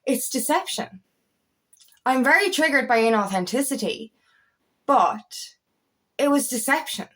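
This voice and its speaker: A woman's voice: sits high, lively intonation, unhurried, long pauses, a bit bright. A woman, an empowerment coach, talking candidly and emphatically, swearing often and sometimes raising her voice. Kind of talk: candid personal monologue.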